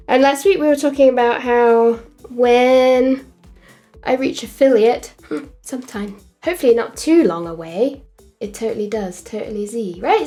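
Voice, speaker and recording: A woman's voice: a little high, animated, measured pace, darkish tone, faint music behind. A young woman chatting casually on a livestream while she animates, rambling and giggling, with lots of fillers and self-corrections. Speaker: streamer animator.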